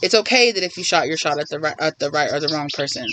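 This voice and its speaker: A man giving a casual spiritual tarot reading, rambling and animated, often acting out what others might say. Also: on the high side, fast, background noise. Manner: rambling, animated, acts out quoted voices. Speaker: tarot reader.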